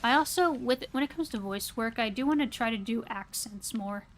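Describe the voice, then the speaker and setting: A woman's voice: fairly high pitch, moderate pace. A woman from the American South with a standard American accent, chatting casually and hesitantly to her live-stream audience while playing a game. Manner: rambling, hesitant with many fillers.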